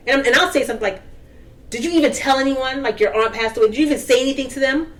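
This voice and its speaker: A woman's voice: high voice, fast. A woman in casual Bible discussion, acting out quoted dialogue as she tells stories. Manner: animated storyteller acting out dialogue. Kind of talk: casual group Bible chat.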